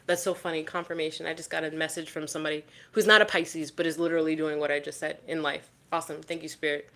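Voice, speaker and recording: A woman giving a casual tarot reading straight to the viewer. She is animated and swears freely, and she repeats phrases for emphasis. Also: low voice, quick pace, vocal fry. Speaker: tarot reader.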